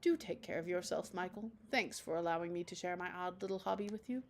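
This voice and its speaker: A woman voicing a soft-spoken, formal man in a dating game. He is gracious and complimentary. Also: fairly low pitch, quick pace, lightly acted. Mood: courteous. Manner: polite, formal, gently complimentary.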